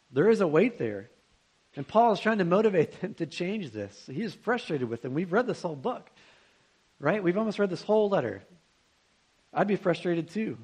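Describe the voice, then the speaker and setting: A young man preaching to a room of students, talking with them in an easy, earnest way. His voice sits a little high for a man, and he keeps coming back to the listeners with rhetorical questions. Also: darkish tone, breathy edge. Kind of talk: sermon to students.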